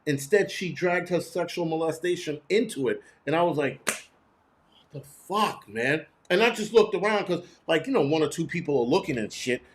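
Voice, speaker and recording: Male host, profane and animated storyteller, voice pitched a bit high. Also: brisk, slight background noise. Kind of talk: casual storytelling monologue.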